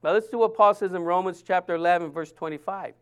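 A man's voice: high voice, quick pace, a bit bright, clear, resonant tone. A man preaching a sermon, earnest and emphatic, often restarting his sentences.

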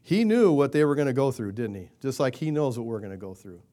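A man preaching a sermon in a conversational way, asking rhetorical questions and acting out quoted prayers in a louder, higher voice. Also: very animated, fast. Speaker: pastor.

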